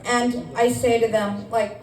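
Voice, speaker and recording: A woman's voice: fairly high pitch, little pitch movement, measured pace, some chatter behind. A middle-aged woman from Scarsdale doing a chatty, self-deprecating stand-up set, with ums and restarts. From Scarsdale, New York. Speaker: stand-up comedian. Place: comedy club stage with audience. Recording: echoey club from far off, faint noise.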